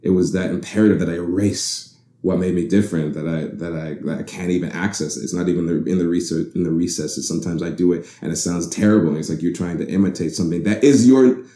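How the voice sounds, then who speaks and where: A man's voice: low-pitched, fast, dark tone. A young man from the Bahamas in casual conversation, talking reflectively and rambling with frequent restarts. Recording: roomy echo.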